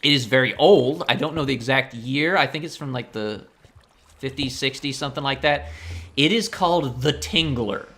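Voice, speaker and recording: A man hosting a game video, ranting in an animated, incredulous way. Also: mid-range voice, moderate pace. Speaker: gaming channel host. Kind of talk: casual let's-play rant.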